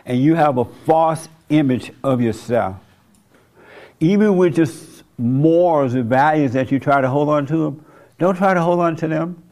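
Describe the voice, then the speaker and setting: Guy preaching casually to a small group, kinda high gravelly voice, asks questions and chuckles as he goes. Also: unhurried, a little mellow. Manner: conversational, rhetorical questions, chuckles at his own points. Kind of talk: informal sermon to a small group.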